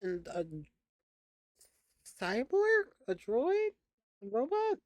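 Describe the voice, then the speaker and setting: A woman with a fairly high voice protesting loudly and animatedly in a casual podcast chat. She swears freely, and the sound is dry and close. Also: big pitch swings, slow pace, dry recording. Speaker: podcast co-host, quiz contestant.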